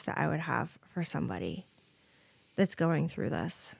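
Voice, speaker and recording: A woman's voice: low voice, sing-song, a little slow, creaky, husky, no echo, clean studio sound. A woman in her thirties, a podcast guest speaking earnestly and from the heart in candid conversation. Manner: earnest, heartfelt, repeats "you know" and "like". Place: podcast studio.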